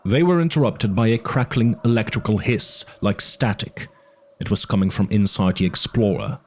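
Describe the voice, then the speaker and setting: A man with a low voice reads a suspense audiobook, his pitch rising and falling with the action. The delivery is expressive and dramatic. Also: moderate pace. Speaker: audiobook narrator. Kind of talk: audiobook narration.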